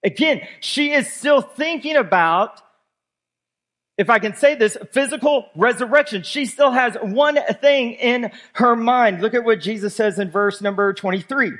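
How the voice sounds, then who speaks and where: A man with a very high voice for a man preaches a sermon. He reads scripture aloud and puts emphatic weight on each point as he works through the verses. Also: unhurried, fairly bright tone. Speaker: pastor.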